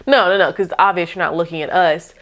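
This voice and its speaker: A woman giving casual tips straight to camera in her room, chatty, upbeat and animated, calling her viewers y'all. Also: fairly low pitch, quick pace. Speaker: YouTube coach.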